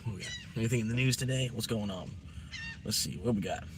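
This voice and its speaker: A man's voice: fairly low pitch, quick pace, noisy background. Laid-back man streaming. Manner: rambling, laid-back, chuckles often. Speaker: live streamer. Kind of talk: casual stream chat.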